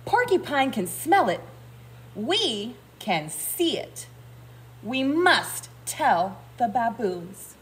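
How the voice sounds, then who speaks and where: A woman voicing a herd of zebras in a storybook read-aloud, measured and clear. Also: on the high side, big pitch swings, fairly bright tone, heavily acted. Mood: earnest. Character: herd of steady zebras passing on news.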